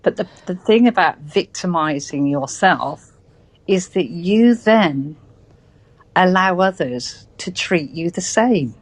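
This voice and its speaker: A woman's voice: on the low side, lively intonation, slow pace, no echo, poor audio. A British woman with a West Country accent, speaking earnestly as a guest in a casual conversation. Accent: West Country English. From Britain. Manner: earnest, acts out quoted voices.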